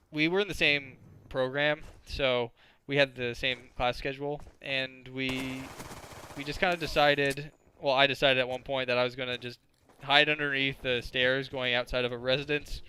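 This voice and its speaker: A man's voice: medium pitch, sharp tone, a little hiss or hum. A man in his twenties telling crude, rambling stories as casual gameplay commentary, full of filler words. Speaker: gaming commentator.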